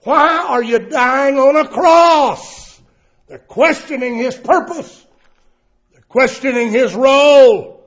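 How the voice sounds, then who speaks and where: High-voiced preacher guy, slow and emphatic, shouts the verses, muffled old tape. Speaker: pastor. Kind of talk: sermon.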